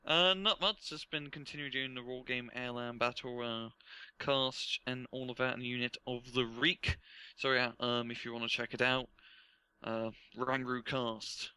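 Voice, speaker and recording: A man's voice: medium pitch, fairly even intonation, moderate pace, bright, forceful tone, clear, resonant tone, no echo, low-quality recording. A man commentating a strategy game match in a casual, laughing way. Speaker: game caster. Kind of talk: esports commentary.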